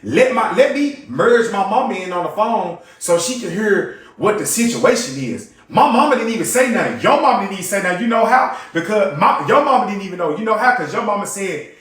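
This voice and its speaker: A young man in a heated casual argument, talking fast and repeating himself, swearing and mimicking other people's voices. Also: sits high, expressive, a bit bright, far from the mic. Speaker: livestream host. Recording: very echoey room, voice from off mic.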